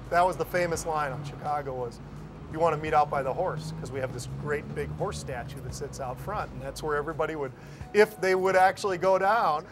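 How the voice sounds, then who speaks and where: A man's voice: on the high side, brisk, over music. A man, a former floor trader, recalling the pits plainly and emphatically in a documentary interview.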